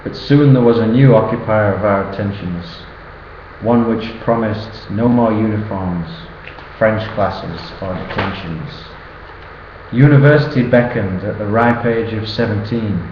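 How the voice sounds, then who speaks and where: A man's voice: on the low side, unhurried, slight background noise. A young man, reciting a cheeky rhyming birthday poem as a toast to his best friend. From northern England. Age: early 20s. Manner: cheeky, sing-song rhyming delivery. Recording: roomy, dull sound with faint ambience.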